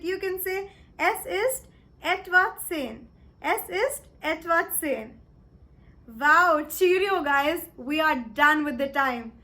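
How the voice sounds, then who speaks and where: A young woman from India teaching German time phrases in a cheerful, encouraging online lesson, slowing down to spell out each phrase. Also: extremely high pitch, bright, forceful tone.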